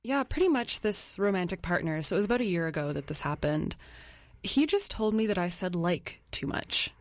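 A woman's voice: medium pitch, lively intonation, a little fast, no room sound. A young woman journalist recalling an experience in an interview, casual, with "um" and "like" fillers. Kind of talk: interview recollection.

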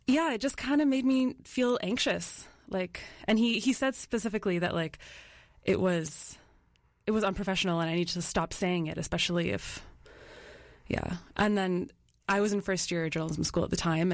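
Young woman, lowish voice, casual, "um" fillers, dry sound. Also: normal speed, no echo. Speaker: journalist, interviewee. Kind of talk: interview recollection.

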